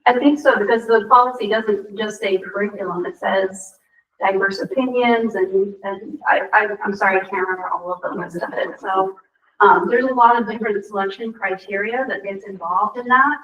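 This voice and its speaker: A woman's voice: mid-range voice, moderate pace, a bit bright. A woman school librarian answering questions at a committee meeting, earnest and thinking aloud. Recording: roomy, dull, from a distant mic.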